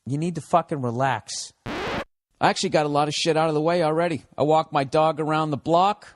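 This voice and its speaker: A man's voice: fairly high pitch, lively intonation, a little fast. A man, hosting a comedy podcast with a profane, sarcastic rant that slips into mocking voices. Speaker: podcast host.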